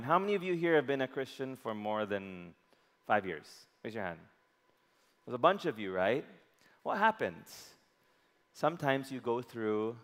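A man preaching a sermon, often asking the congregation questions and waiting for answers. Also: medium pitch. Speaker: pastor. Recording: long hall reverb.

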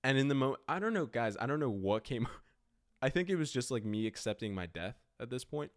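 A man's voice: medium pitch, brisk. A young man hosting a podcast, telling a rambling story in a casual way, with a lot of "like". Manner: rambling, animated, heavy use of "like". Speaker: podcast host.

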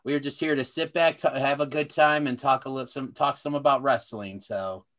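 A man's voice: mid-range voice, steady tone, a little fast, fairly bright tone. A man hosting a casual interview podcast, easygoing, with many fillers and restarts. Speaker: podcast host.

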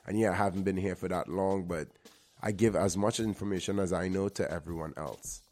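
A low, darkish, steady male voice comes through fairly quickly. Hosting his show around LA, this actor from Trinidad and Tobago gives an earnest motivational monologue built on personal stories, with the occasional repeated word for emphasis.

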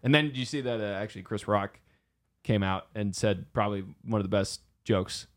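A man's voice: lowish voice, fairly quick. A man co-hosting a podcast in casual chat, telling stories animatedly and making dry sarcastic remarks. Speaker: podcast co-host.

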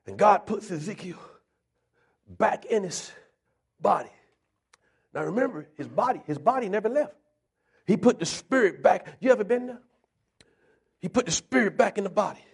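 A man preaching a sermon to a live congregation, calling out to the people and building to loud, rhythmic shouting as he acts out voices from scripture. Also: sits high, animated, moderate pace, vocal fry, long pauses, husky. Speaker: evangelist preacher. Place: church before a live congregation.

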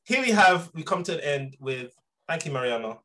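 A young man co-hosting a podcast, chatting casually and telling stories in animated slang. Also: fairly high pitch, fairly quick. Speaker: podcast co-host. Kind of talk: casual chat.

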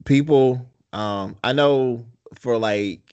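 A man's voice: medium pitch, slow pace, darkish tone, smooth, no room sound, lo-fi sound. A man hosting a mental health podcast, talking casually with lots of fillers and the odd curse. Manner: rambling, laid-back, lots of fillers and casual cursing.

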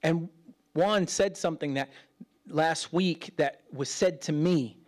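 A middle-aged man preaching as a pastor in a chatty way, acting out quoted voices and swinging between loud and hushed. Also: on the high side, slow pace. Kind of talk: sermon.

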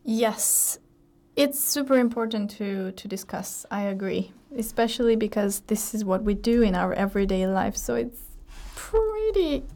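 A woman's voice: medium pitch, moderate pace, dark tone. A woman co-hosting a radio show in an upbeat, playful, chatty way, laughing often. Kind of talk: casual radio chat.

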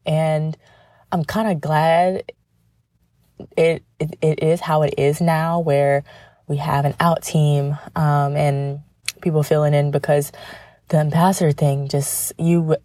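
A woman's voice: low voice, flat delivery, takes it slowly, mellow, no echo, studio quality. A woman hosting a podcast, a former professional cheerleader talking casually and chattily, speaking right to the listener. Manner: chatty, addressing the listener directly.

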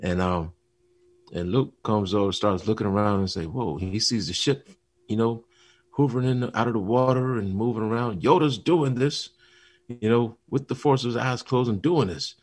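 A man co-hosting a casual talk show, telling a story with animated retellings and acted-out lines. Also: on the low side, normal speed. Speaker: podcast co-host. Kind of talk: casual chat.

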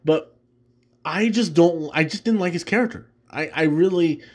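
A man's voice: fairly high pitch, moderate pace. Rambling man hosting a movie chat. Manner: rambling, many fillers and restarts, laughs easily. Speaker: host. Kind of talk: casual solo chat ranking movies.

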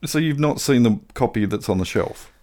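A man's voice: medium pitch, lively intonation, normal speed, mellow. A middle-aged man telling a long, earnest, rambling story with many fillers during a comedy panel game. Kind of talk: comedic bluffing game chat.

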